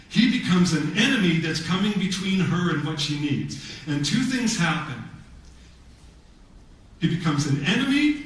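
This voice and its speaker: A man with a fairly high voice gives a prepared talk, measured and emphatic, with pauses. He is heard from a distance. A very echoey hall is all around him. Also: fairly bright tone. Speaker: speaker giving a talk.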